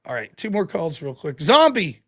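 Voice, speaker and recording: A chatty male host with a Pittsburgh accent, his voice high and bright. He talks loosely and swears often as he takes calls. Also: big pitch swings, normal speed, husky. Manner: chatty, swears freely, playful. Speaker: call-in show host. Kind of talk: casual chat.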